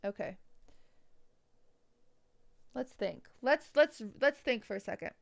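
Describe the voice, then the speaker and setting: A woman's voice: on the high side, animated, takes it slowly, creaky, no echo. A young woman streaming live, chatting casually and giving frank, blunt design advice, sometimes swearing for emphasis. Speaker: streamer reviewing viewers' bedrooms.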